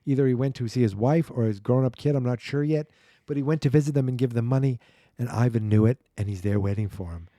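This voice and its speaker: A man's voice: mid-range voice, fast talker, mellow, dry recording, studio quality. A man hosting a podcast who casually recaps a comic book page by page, reacting as he reads. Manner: chatty, exclaims and reacts while reading. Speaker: podcast host.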